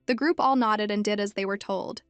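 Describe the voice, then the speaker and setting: A woman reading a scripted story recap as narrator, in a steady storytelling manner. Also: mid-range voice, moderate pace, smooth, dry recording. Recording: dry close mic with faint music.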